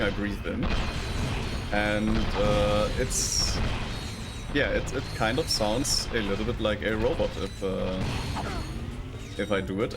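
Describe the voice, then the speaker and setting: A native German man talks through his gameplay as a VTuber streamer, unhurried and a little low in pitch. He keeps stopping and restarting his sentences with fillers. Loud game music plays behind him throughout. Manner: hesitant, many restarts and fillers. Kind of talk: casual gameplay commentary.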